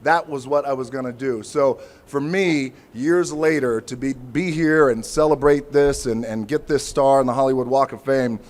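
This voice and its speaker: An American man in his forties accepts an honor at an outdoor ceremony without a script, thanking people and tossing in playful jokes at his own expense. His voice is medium-pitched and darkish, moving at a moderate pace with hardly any pauses.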